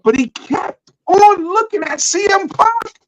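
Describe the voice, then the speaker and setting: High-voiced man animatedly recapping wrestling. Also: a little slow, slight background noise, rough recording. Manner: animated storytelling, acts out his own reactions. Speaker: podcast co-host.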